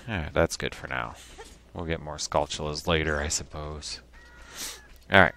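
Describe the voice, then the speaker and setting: A man hosting a video game playthrough at home, chatting casually with sudden excited yelps. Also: rumbling low, normal speed, creaky, slight background noise. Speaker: host.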